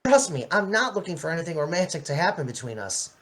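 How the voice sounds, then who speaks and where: A woman's voice: on the low side, big pitch swings, fast talker, fairly bright tone. A woman voicing Chris, a shy and affectionate young man, in an amateur fan drama. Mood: earnest.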